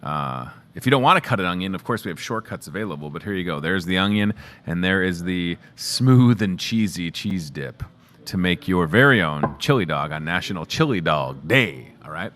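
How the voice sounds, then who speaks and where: A man in his thirties from the Chicago area hosts a local morning show, chatting casually and joking with the crew while showing off store products to the camera. His voice is low-pitched and a bit bright, with lively intonation at a normal speed. His manner is upbeat and chatty, and there's slight background noise.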